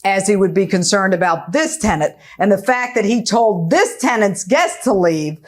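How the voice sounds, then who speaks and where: A woman's voice: mid-range voice, lively intonation, normal speed. A woman serving as a television court judge, questioning the parties bluntly and with open disbelief. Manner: blunt, incredulous, sharp-tongued.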